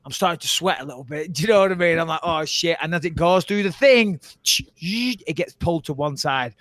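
A man co-hosting a podcast, telling an animated story and swearing freely. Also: fairly high pitch, fairly quick. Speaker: podcast co-host. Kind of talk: casual podcast chat.

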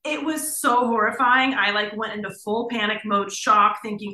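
Bright-voiced animated woman, echoey room. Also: mid-range voice, normal speed, hardly any pauses. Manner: animated, profane storytelling. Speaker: podcast co-host. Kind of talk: casual chat.

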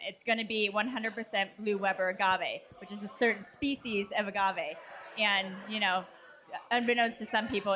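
Chatty woman brand rep, kinda high voice, super bright and forceful, lots of "like"s. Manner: chatty and upbeat, many "like" fillers. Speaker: brand representative guest. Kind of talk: casual talk at a tasting event.

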